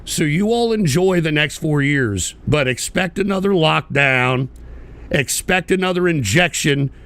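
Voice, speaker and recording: A man's voice: fairly high pitch, animated, measured pace, fairly bright tone. A man hosting an online political show, ranting bitterly and profanely in a repetitive way. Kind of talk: livestream rant.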